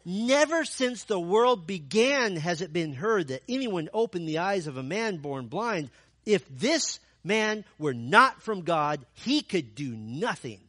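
A man's voice: high-pitched, very animated, slow, pushed and bright, dry recording, studio quality, full character voice. A man preaching voices a healed blind man who talks back to the leaders with pointed, incredulous exasperation. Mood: indignant.

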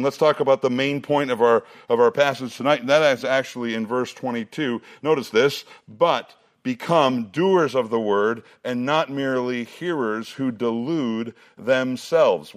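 Here a middle-aged man who pastors a student ministry preaches to young people in a youth group, his voice sitting in the middle range. Memory lines come out slow and emphatic, broken up by humorous asides.

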